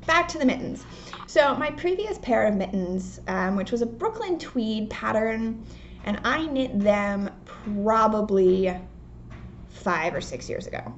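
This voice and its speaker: Young woman knitting host, chatty and meandering, mid pitch, slightly muffled home recording, faint noise. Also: darkish tone. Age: young adult. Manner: chatty, rambling, frequent ums. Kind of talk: casual chat. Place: home, indoors. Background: faint outdoor work noise.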